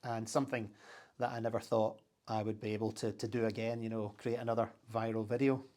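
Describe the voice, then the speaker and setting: A Scottish man in a casual interview, telling animated stories with laughs and lots of historical detail. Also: lowish voice, brisk. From Scotland. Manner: animated storyteller, laughs while talking, full of historical detail. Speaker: interviewee, content creator. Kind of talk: casual chat.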